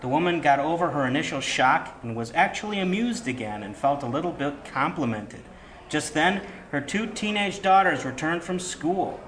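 Co-host: slightly high-voiced man, agreeable short remarks. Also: animated, normal speed, fairly bright tone, a little hiss or hum, poor audio. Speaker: podcast co-host and narrator. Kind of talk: casual chat.

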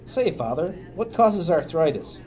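A man's voice: a little high, big pitch swings, a little slow, crowd noise. A man voicing a scruffy drunk man on a subway in a plain, drawling way. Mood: wry.

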